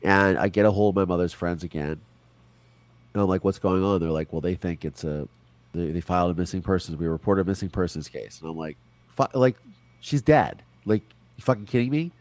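A man in his forties, an interview guest, telling a personal story in a casual, animated way, acting out other people's lines. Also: deep voice, fairly quick, no room sound. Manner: animated, quotes people in put-on voices, swears.

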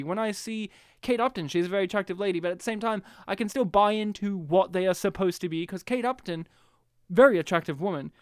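A man co-hosting a podcast, chatting casually about a film in an animated, emphatic, jokey way. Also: high voice, smooth, no room sound, clean studio sound. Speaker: podcast co-host. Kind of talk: casual chat reviewing a film.

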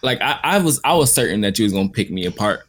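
Chill guy with a lowish voice, rambling anime review, lots of "like"s. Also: fast talker. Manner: relaxed, rambling, frequent "like" fillers. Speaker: co-host reviewing an anime series. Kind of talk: casual podcast chat.

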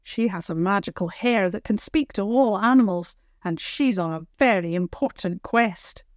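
A woman's voice: medium pitch, normal speed, no echo, studio quality, lightly acted. Woman reading as a grinning young prince. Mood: teasing. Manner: bright and grinning, teasing. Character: young prince, good-humoured older brother.

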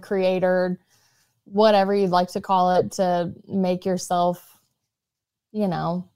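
Young woman blogger, smooth clean voice, earnest near-monotone read-along of her own post. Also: mid-range voice. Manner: self-described monotone, earnest and measured. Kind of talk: reflective spoken intro and read-along of her writing.

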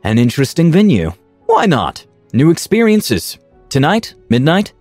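A man's voice: a little high, wildly swooping pitch, a little slow, darkish tone, no room sound, soft background music, pitched above the performer's own voice, full character voice. A man voicing a flamboyant, flirtatious rich male merchant in a theatrical, playful manner. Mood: gleeful.

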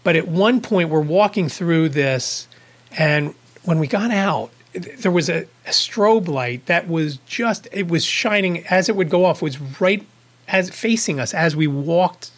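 A man's voice: a little high, a little slow, a bit bright. A man hosting a podcast, telling a rambling first-person story in a casual way, with a chuckle here and there. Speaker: podcast host.

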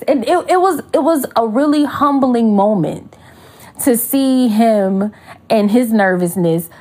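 Husky woman host, casual and animated, slangy storytelling, acts out other people's voices. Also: on the high side, slow. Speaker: podcast host.

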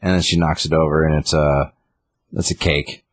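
A comic book reviewer casually recaps a comic story in a very deep, level voice at a moderate pace. He rambles through the retelling with lots of fillers, and the recording is dry.

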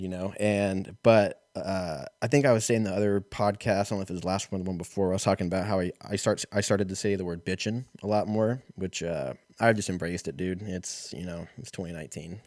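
A profane, rambling man doing a solo comedy podcast, with a fairly low voice. His talk is loose and self-mocking, full of swearing and tangents. The recording is dry, with no room sound. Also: steady tone, a little fast, a little mellow, dry recording. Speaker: podcast host. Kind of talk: casual comedic monologue.

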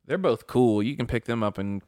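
A young man cohosts a loose podcast chat, cursing casually and jumping into voices as he tells a story. His pitch sits mid-range. The recording is close and dry, with no room sound. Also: fairly quick, no echo. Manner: crude, animated storyteller who acts out voices. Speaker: podcast co-host.

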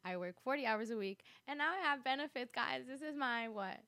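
A woman's voice: high voice, expressive, fairly quick, a crowd in the background. Giggly, chatty woman on a podcast. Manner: chatty, giggly, lots of fillers like "like". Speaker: podcast guest, vlogger. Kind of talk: casual podcast chat.

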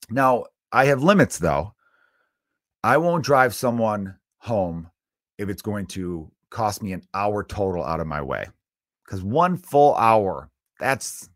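A man in his thirties, a comedian hosting his own podcast, delivering an animated, self-mocking solo rant. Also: deep voice, dry recording, clean studio sound.

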